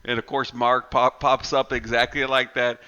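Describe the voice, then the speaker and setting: A man's voice: mid-range voice, flat delivery, normal speed, bright, forceful tone, smooth, highs cut off. A man co-hosting a casual horror movie podcast, swearing freely and acting out scenes in silly voices. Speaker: podcast co-host.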